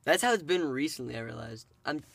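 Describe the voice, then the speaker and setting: A young man co-hosting a podcast in casual chat, relaxed and drawling, often trailing off quietly. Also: medium pitch, fast talker, background noise. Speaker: podcast co-host.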